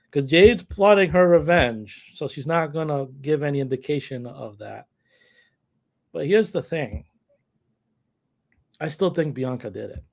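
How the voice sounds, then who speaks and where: A man contributing to a casual wrestling discussion, reasoning through the evidence in a deliberate way. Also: a little high.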